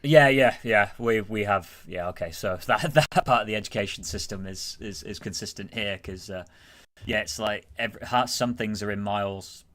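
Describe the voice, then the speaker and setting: Low-voiced man with a Manchester accent. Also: moderate pace, fairly bright tone. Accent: Greater Manchester English. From Greater Manchester, England. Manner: rambling and chatty, with lots of fillers and self-corrections. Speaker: guest streamer. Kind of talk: casual stream chat.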